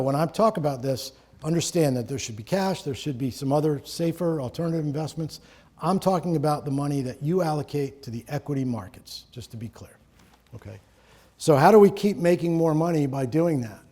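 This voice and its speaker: A man's voice: a little high, lively intonation, brisk, dark tone. A middle-aged man from Connecticut presenting a live seminar in a conversational, joking way, to an audience in a room. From Connecticut, USA.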